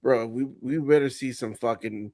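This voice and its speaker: A young man telling stories in a casual podcast chat, animated and swearing casually. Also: mid-range voice, moderate pace, dry recording, studio quality.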